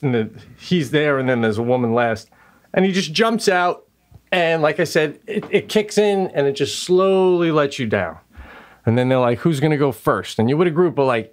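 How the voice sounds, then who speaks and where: A middle-aged podcast co-host tells a story in casual conversation, animatedly acting out the voices of the people he quotes. His voice is medium in pitch.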